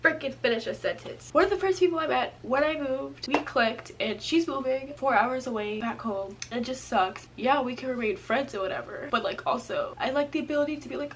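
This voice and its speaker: A woman's voice: sits high, fairly quick, hardly any pauses, a bit bright. Young woman in her twenties, tearful and rambling, casual vlog rant, camera mic at home, faint noise behind. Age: early 20s. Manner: rambling, restarts sentences, many "like"s. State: tearful, crying at times. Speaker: vlogger.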